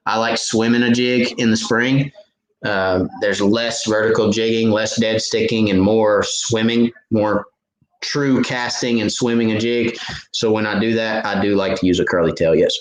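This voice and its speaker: A man's voice: on the low side, steady tone, moderate pace, reverberant, poor audio. A man hosting a live fishing Q&A stream, answering viewer questions in a chatty way and laughing at his own jokes.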